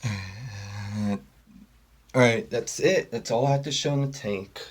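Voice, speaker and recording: A man's voice: on the low side, slow pace, breathy edge. A man filming on his phone and commenting casually in a hurry, muttering to himself. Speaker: toilet video maker. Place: indoor bathroom. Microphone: phone held in hand.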